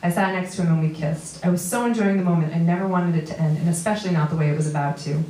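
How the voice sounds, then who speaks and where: Low-voiced woman reading prose on stage. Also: quick pace, dark tone, recorded from a distance. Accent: New York. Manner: reads steadily, with dry asides to the audience. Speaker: comedian reading a memoir piece. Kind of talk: live reading of personal prose. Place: small theater stage before an audience. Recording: roomy live venue recording from afar.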